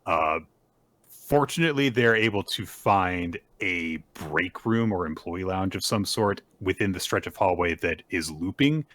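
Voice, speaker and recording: Man, podcast host, deep voice, retelling manga, lots of fillers and swearing. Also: fairly bright tone. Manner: rambling retelling with fillers and profanity; plays characters' lines in quick put-on voices. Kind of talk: casual manga recap.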